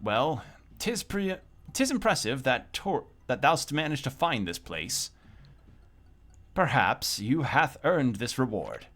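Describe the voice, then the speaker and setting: A man's voice: medium pitch, very animated, takes it slowly, fairly bright tone, exaggerated voice. A man voicing a pompous male fungus shopkeeper in a video game, speaking in theatrical, old-fashioned phrasing and bellowing at the visitor. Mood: grudging.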